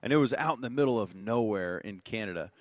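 A man co-hosting a sports radio show, telling a funny story in casual banter and getting loud and laughing as he quotes people. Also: fairly low pitch, fast talker, no room sound, clean studio sound. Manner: animated storyteller, laughs mid-story, loud when quoting. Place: radio studio.

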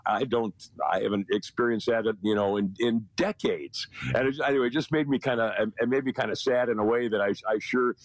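A man's voice: mid-range voice, fairly even intonation, a little fast, no room sound, rough recording. An older man chatting from home as a weekly radio guest, rambling and folksy with frequent chuckles. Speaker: regular weekly guest on a morning talk radio show. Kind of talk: casual radio chat.

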